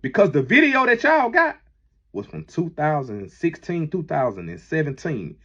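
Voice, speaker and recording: A man giving a heated, profane monologue that keeps rising toward a shout. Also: a little high, sing-song, moderate pace, husky, dull audio. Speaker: manager addressing critics. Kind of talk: impassioned monologue.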